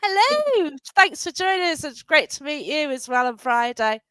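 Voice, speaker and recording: High animated woman hosting a stream. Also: moderate pace, no room sound, poor audio. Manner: warm greetings to viewers, animated, laughs often. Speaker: host of the live show. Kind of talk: casual live-stream chat.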